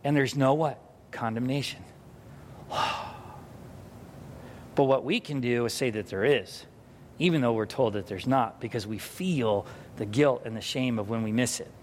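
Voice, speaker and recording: A man preaching a sermon as pastor, telling a parenting story and acting out the scenes with lively energy. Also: medium pitch, normal speed, pauses often, a little hiss or hum. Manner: animated storytelling, acts out scenes. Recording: hall reverb.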